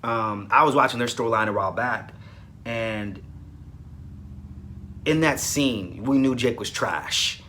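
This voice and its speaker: A man with a mid-range voice hosts a casual review of soap operas. He speaks in an animated, emphatic way and often repeats himself to drive his points home. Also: mid-range voice, a little slow, long pauses, a little hiss or hum.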